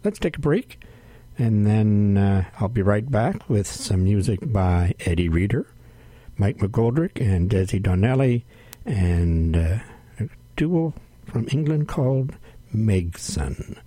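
A man hosting a radio music show from a studio, announcing tracks in an unhurried way with frequent "uh" fillers. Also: fairly low pitch, animated, mellow, no room sound. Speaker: radio host.

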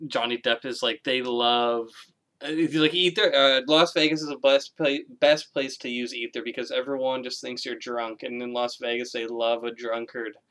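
Casual male co-host, bright edge to the voice, loose and profane, retells scenes with laughter. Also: mid-range voice, fairly even intonation, moderate pace, few pauses. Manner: laughs while retelling scenes, swears casually, acts out quotes. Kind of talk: casual film discussion.

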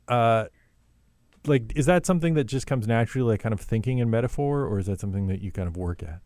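A man's voice: mid-range voice, fast talker, a little mellow, dry recording, clean studio sound. A male radio interviewer who asks loose, rambling questions full of "like" and restarts. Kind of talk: casual interview.

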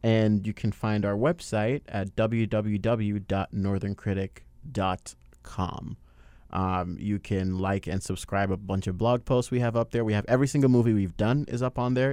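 A man's voice: lowish voice, steady tone, normal speed, darkish tone, no echo. A Canadian man co-hosting a podcast, rambling with lots of fillers and easy laughs. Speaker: podcast co-host. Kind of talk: casual podcast chat.

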